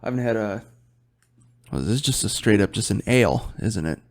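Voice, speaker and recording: A man's voice: fairly low pitch, lively intonation, a little fast. Rambling, cursing male podcast host. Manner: rambling, swears often, yawning. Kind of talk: casual solo chat while drinking beer.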